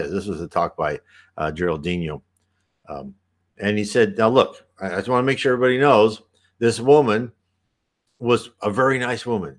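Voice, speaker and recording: A man hosting a talk that answers viewer questions, speaking in a relaxed, rambling way, restarting sentences and clearing his throat. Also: deep voice. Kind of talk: casual spoken advice talk.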